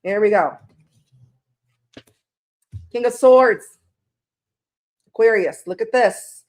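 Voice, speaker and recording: A woman's voice: a little high, slow pace, background noise. A woman reading tarot on a casual live stream, chatty and rambling, greeting viewers by name and laughing at her own slips.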